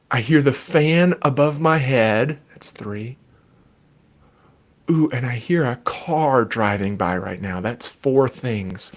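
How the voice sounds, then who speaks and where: A man who is a child therapist and podcast host, giving patient, gentle advice in a live Q&A from his desk at home. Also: mid-range voice. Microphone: desk microphone.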